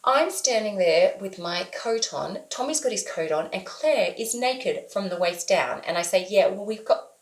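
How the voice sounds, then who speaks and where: A woman in her thirties tells a comic story about life as a mother, animated and exasperated. Her pitch swoops widely. The sound has a roomy echo. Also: measured pace, hardly any pauses. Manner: animated, exasperated, acts out family members. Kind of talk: comic true-story monologue.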